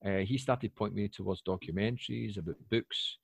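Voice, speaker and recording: A British man in his forties, chatting casually and telling rambling, animated stories with lots of fillers. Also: on the low side, fairly quick, gravelly, breathy edge, dry recording. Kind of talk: casual chat. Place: lives in Poland.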